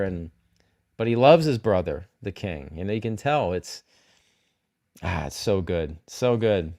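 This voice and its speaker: A man with a slightly low voice talks through a TV episode in a loose, unscripted way. He keeps circling back with fillers and restarts, but his enthusiasm carries through. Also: darkish tone. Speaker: show host. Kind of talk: casual spoiler talk about a TV episode.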